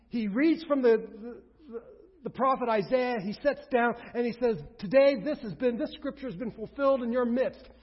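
A pastor preaching a sermon, emphatic, with rhetorical questions, swinging between loud and hushed. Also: male voice, sits high, husky. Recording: reverberant hall, dull lo-fi sound.

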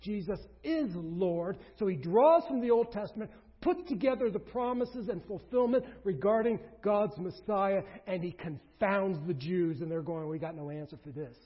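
A pastor preaching a sermon, emphatic, with rhetorical questions, swinging between loud and hushed. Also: male voice, sits high, unhurried, hardly any pauses, slightly rough. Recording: reverberant hall, dull lo-fi sound.

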